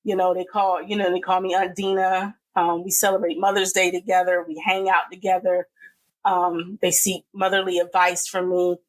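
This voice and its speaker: A middle-aged woman speaking as a podcast guest, giving an earnest and emotional personal testimony with pauses and fillers. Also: fairly low pitch, level tone, rough recording.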